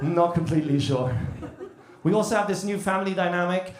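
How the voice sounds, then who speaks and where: A man's voice: sits high, fast talker, roomy sound. A man in his thirties from the UK doing a chatty stand-up comedy set with crowd work. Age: 30s. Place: comedy club stage.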